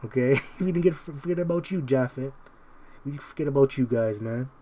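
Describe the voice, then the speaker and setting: A man preaching in a loose, street-style way, pressing his points again and again. His voice sits at an ordinary middle pitch, and he slows down deliberately whenever he reads a verse. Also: warm tone, slight background noise. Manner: emphatic, repetitive, ends phrases with "man"; slows down to read verses aloud. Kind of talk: informal scripture preaching.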